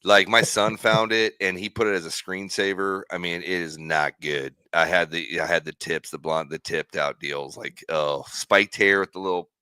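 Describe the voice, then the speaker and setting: Middle-aged man, very low voice, dry close sound, animated jokey storyteller, casual chat. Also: moderate pace, few pauses, clear, resonant tone, no echo. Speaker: guest, former pitcher.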